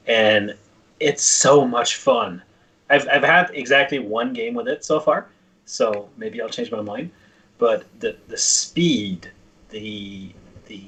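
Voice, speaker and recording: A man's voice: medium pitch, a bit bright, low-quality recording. A man co-hosting a podcast, talking enthusiastically in casual chat and often repeating words as he starts. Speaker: podcast co-host.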